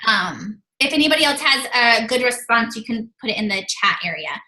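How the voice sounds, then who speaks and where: Bright, high-voiced gushing woman host. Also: animated, a little fast, reverberant, poor audio. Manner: effusive, many fillers like "like" and "um". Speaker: host of a team video call. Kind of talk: gushing, upbeat team-call chat.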